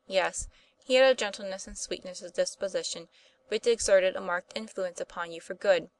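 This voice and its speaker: A woman voicing a kindly, patient male schoolteacher who speaks earnestly and gently. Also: medium pitch, moderate pace, no room sound, natural voice, rough recording.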